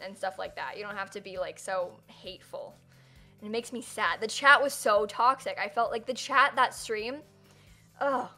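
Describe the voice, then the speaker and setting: A woman's voice: mid-range voice, fairly bright tone. A young woman streaming live, chatting casually and rambling with lots of fillers as she reads chat and thanks viewers.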